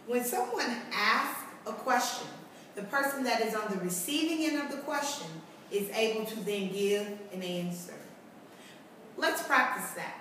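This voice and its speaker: A woman teaching kindergarten, explaining a reading lesson slowly and clearly, often asking questions back. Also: fairly high pitch, lively intonation, a bit bright, heavy reverb, far from the mic, slight background noise, poor audio. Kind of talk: recorded tutorial lesson for parents and children.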